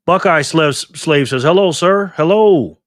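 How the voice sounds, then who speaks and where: A man's voice: on the high side, measured pace, no echo, studio quality. Upbeat man hosting a live stream. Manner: greets chat viewers by name, upbeat and friendly. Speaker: livestream host. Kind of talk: casual live-stream chat reading comments. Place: home room in Las Vegas.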